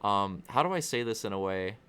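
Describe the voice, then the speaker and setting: A man's voice: on the low side, animated, a little fast, bright, forceful tone, clean tone. A young man rambling through casual livestream race commentary, profane and constantly interrupting himself.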